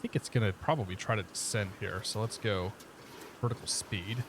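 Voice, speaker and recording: A man's voice: lowish voice, normal speed, noisy background. A man with a vaguely Midwestern accent touched by Boston, chatting casually while streaming a flight sim and reading back pilot radio calls. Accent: vaguely Midwestern with some Boston flair. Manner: relaxed, chatty, reads back clearances in pilot radio style.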